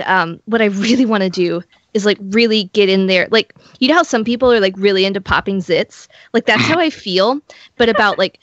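A woman's voice: medium pitch, fairly bright tone, no room sound, highs cut off, close to an everyday voice. A woman in an improv scene playing a rambling young woman who confesses an addiction to unwrapping mummies. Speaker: improv player.

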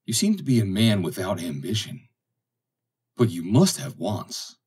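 Man reading as a stern, measured ship captain. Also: on the low side, very animated, darkish tone, husky, recorded from a distance, exaggerated voice. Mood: probing. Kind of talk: audiobook dialogue reading.

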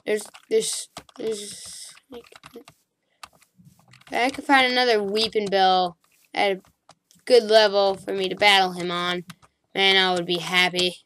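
A woman giving casual, excitable commentary while playing a game, chattering at the creatures on screen and calling out to them. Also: mid-range voice, unhurried, pauses often, a little hiss or hum. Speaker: gaming channel host.

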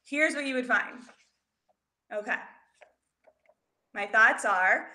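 A woman's voice: fairly high pitch, slow pace, long pauses, reverberant. Upbeat woman teaching kids online. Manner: upbeat, chatty, openly nervous and excited. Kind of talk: virtual lesson for young children. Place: home room with a big window.

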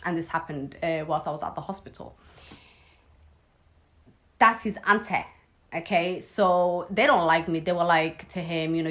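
A woman's voice: fairly low pitch, fairly even intonation, moderate pace, long pauses, fairly bright tone. A young woman telling a personal story in a casual vlog, blunt, sarcastic and swearing freely. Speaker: vlogger.

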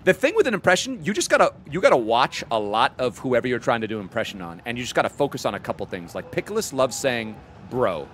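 A man's voice: medium pitch, sing-song, fast, hardly any pauses, a little hiss or hum. Chatty young man streaming games. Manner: laid-back, chatty, drops to a hush. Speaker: game streamer. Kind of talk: casual chat with stream viewers.

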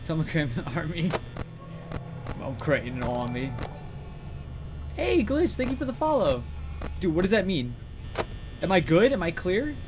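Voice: mid-range voice, huge pitch swings, unhurried, long pauses. A streamer playing a horror game live, panicking, swearing, giggling nervously and greeting chat between scares. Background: game music and sounds.

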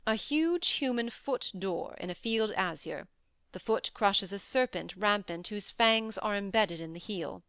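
A woman voicing a scheming, vengeful nobleman who speaks with calm, mocking courtesy in an audiobook reading. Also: mid-range voice, unhurried, clean tone, no echo, clean studio sound.

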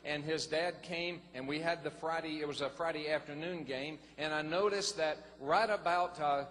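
Folksy pastor in a hall. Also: male voice, a little high, moderate pace. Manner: folksy storytelling, animated. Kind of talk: sermon testimony. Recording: long hall reverb, faint noise.

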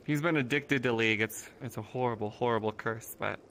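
A man's voice: mid-range voice, fairly quick, fairly bright tone, slight background noise. A man teasing and mocking a friend in casual voice chat.

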